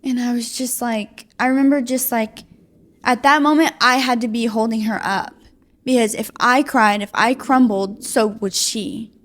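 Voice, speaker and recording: Young woman, late teens, guest testimony, casual and halting, slightly high voice. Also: fairly even intonation. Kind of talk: personal testimony.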